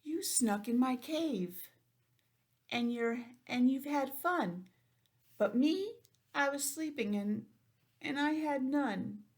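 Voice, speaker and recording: A woman doing a sulky bear, high and whiny. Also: expressive, slow, pauses often, slightly rough, exaggerated voice. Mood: hurt. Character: sad grumpy male bear woken too late.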